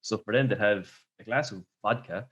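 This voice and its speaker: A man's voice: on the low side, normal speed, fairly bright tone, slightly rough, highs cut off. A man hosting a podcast, telling rambling stories in casual chat and laughing often. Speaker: podcast host.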